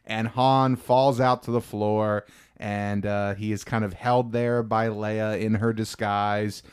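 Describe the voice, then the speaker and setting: A man's voice: lowish voice, flat delivery, slow, clear, resonant tone. A man hosting a podcast, enthusiastically walking through film scenes in a casual way with frequent "like". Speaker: podcast host.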